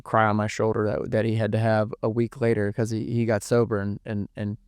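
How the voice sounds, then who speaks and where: A man's voice: fairly low pitch, completely flat delivery, fairly quick, darkish tone, clear, resonant tone, no echo, studio quality. A young man giving an earnest, emotional podcast interview, swearing freely and repeating words as he talks. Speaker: podcast guest. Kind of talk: candid emotional interview talk.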